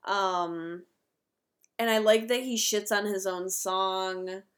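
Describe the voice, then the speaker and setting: A woman's voice: mid-range voice, fairly even intonation, slow pace. A woman co-hosting a casual movie discussion, blunt and opinionated, swearing freely. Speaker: podcast co-host.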